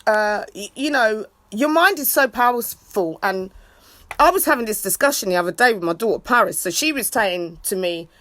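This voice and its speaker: A woman ranting casually on a livestream, swearing freely and breaking off for loud shout-outs to viewers. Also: mid-range voice, lively intonation, normal speed, no room sound. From England. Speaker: livestreaming vlogger. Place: outdoors in a city.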